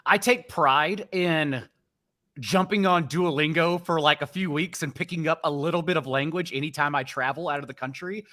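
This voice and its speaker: Male podcast host, playful banter, bright and forceful tone, fairly high voice. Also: moderate pace. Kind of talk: casual fantasy football podcast chat.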